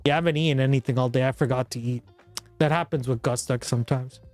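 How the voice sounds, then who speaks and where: A man's voice: medium pitch, steady tone, quick pace, darkish tone, soft background music. A man hosting a livestream, chatting casually with a rambling, profane manner and frequent laughter. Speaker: livestream host. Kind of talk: casual chat.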